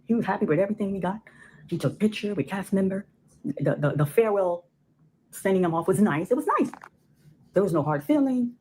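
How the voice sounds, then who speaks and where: A woman's voice: medium pitch, expressive, brisk, pauses often, a little mellow, slight background noise, low-quality recording. A woman from Ohio, a filmmaker guest on a casual podcast, telling her side emphatically and repeating words for stress.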